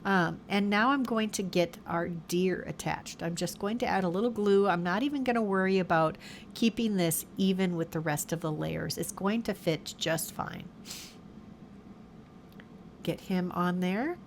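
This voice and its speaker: A woman's voice: fairly low pitch, a little slow, slight background noise. A woman hosting a card-making tutorial, narrating each step in a casual, chatty way and often correcting herself mid-sentence. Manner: chatty, self-correcting, fond of her materials.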